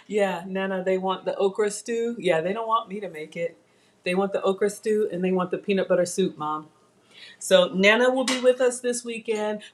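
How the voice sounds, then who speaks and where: A middle-aged woman hosting a casual home cooking livestream, chatting and reading viewer comments aloud from her kitchen. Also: mid-range voice.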